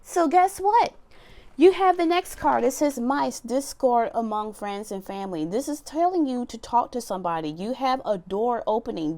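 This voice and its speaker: A woman's voice: on the high side, darkish tone. A woman giving a casual tarot reading, talking bluntly, swearing freely and laughing as she drifts off on tangents. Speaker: tarot card reader.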